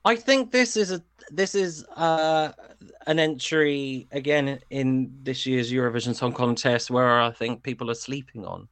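A man's voice: medium pitch, a little slow, a bit bright, no room sound, soft background music. Rambling man reviewing songs, dry sound. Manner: rambling, digressive, many fillers. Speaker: song review panelist. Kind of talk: casual review chat.

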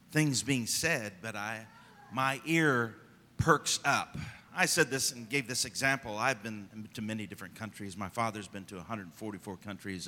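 A man pastor preaching a fervent sermon, rising to loud emphasis and dropping to quiet asides. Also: fairly low pitch, long reverb tail.

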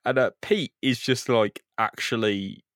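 A man's voice: medium pitch, fairly even intonation, measured pace, a bit bright, dry recording, studio quality. A man co-hosting a podcast, narrating a comic book plot casually with crude jokes. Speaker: podcast co-host. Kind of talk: comic book read-through chat.

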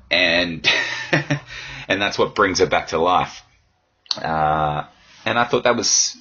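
A man hosting a casual solo podcast. His voice is hoarse from yelling, and he rambles in a crude, self-mocking way. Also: low-pitched, highs cut off. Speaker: podcast host.

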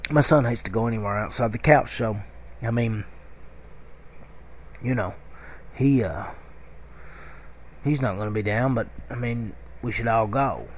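A man's voice: medium pitch, measured pace, pauses often, slight background noise. A middle-aged man with a Kentucky accent, telling a rambling story in a casual podcast monologue. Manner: rambling, conversational, with many fillers and restarts. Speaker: podcast host.

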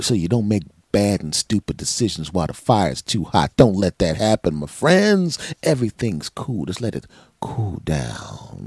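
A man's voice: deep voice, vocal fry, a little mellow, breathy edge, no room sound, clean studio sound. A man hosting his own podcast, telling a rambling comic story in a profane, sarcastic way. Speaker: podcast host. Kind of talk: comedic solo monologue.

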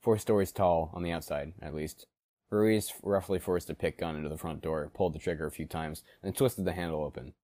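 Deep-voiced man reading a story aloud. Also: steady tone, a little fast, dry recording, studio quality. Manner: acts out characters in dialogue, shouting and growling. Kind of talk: reading a fan story aloud, voicing characters.

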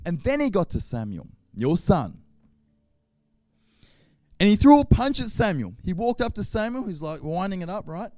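An Australian man preaches a sermon full of funny stories, acting out each scene with lively sound effects. His voice sits fairly high. The sound is dry and close, with no room echo. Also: normal speed, long pauses. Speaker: pastor. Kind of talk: humorous sermon storytelling.

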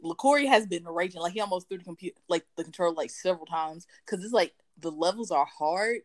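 A woman's voice: on the low side, fairly quick, no room sound. A young woman co-hosting a podcast, telling stories in casual chat and swearing freely. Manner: swearing, lively storytelling. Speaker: podcast co-host.

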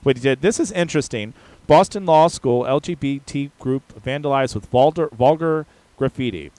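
Man, podcast co-host, frank casual chat, rambling with fillers, mid-pitched, dry close sound. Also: normal speed, darkish tone, no echo.

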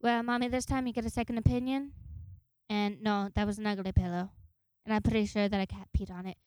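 A woman's voice: medium pitch, steady tone, fast talker, a little mellow, clean tone, dry recording, pitched below the performer's own voice, close to an everyday voice. A woman voicing a cheeky, defiant young female puppy who whines and talks back in a casual podcast bit. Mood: whiny. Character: sassy foul-mouthed young female puppy.

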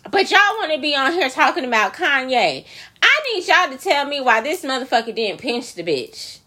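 A woman hosting her own podcast delivers a profane, incredulous solo rant packed with emphatic repetition. Her voice is high-pitched, pushed and bright, with big pitch swings at a moderate pace.

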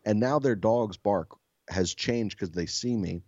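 Soft-spoken male podcast co-host, low voice, casual storyteller, swears a lot, dull dry mic. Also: unhurried, no room sound. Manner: swears freely, laughs at himself.

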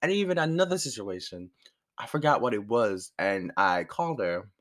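A young man casually telling a personal story, animated and rambling, swearing freely and laughing as he goes. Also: lowish voice, moderate pace. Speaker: storyteller vlogger.

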